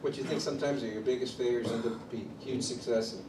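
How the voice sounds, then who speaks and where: A man from Chicago, a drummer, tells his story at a clinic in an animated way and acts out the voices of the people he quotes. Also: mid-range voice, fast talker. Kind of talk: storytelling interview. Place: drum clinic in a studio room. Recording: distant mic in an echoey room with background noise.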